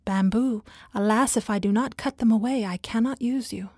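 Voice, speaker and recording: A woman voicing a grave, loving male master of a garden, speaking in a solemn, measured way. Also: fairly high pitch, mellow, no echo, clean studio sound, close to an everyday voice.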